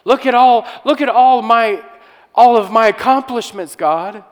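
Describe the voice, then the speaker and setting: A man's voice: extremely high pitch, unhurried, in a large hall, voice pushed up. A man voicing a lonely, self-pitying male prophet who complains in a pleading, insistent voice. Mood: whining. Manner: whiny, pleading, raised and insistent.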